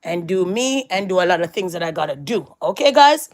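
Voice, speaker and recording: A woman's voice: on the low side, expressive, brisk. A woman chatting casually to her viewers as she walks through her home and backyard garden, filming on a handheld phone and calling out to them again and again. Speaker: vlogger. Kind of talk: casual vlog chat.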